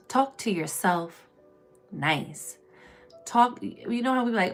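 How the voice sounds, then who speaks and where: A woman giving a casual spiritual tarot reading on a live stream, chatty and preachy, calling her listeners baby and y'all, swinging from loud emphatic bursts to low murmurs. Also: animated, slow pace, long pauses, faint music behind. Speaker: tarot reader.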